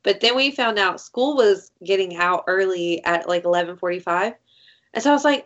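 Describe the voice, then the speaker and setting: A woman co-hosting a casual chat, telling stories in an animated way, acting out quotes and swearing freely. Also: mid-range voice, a little fast, lo-fi sound.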